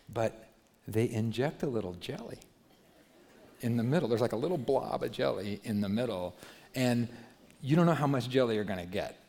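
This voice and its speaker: A man preaching a sermon as a pastor, moving from hushed, gentle passages to loud, animated ones. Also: medium pitch. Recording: long hall reverb.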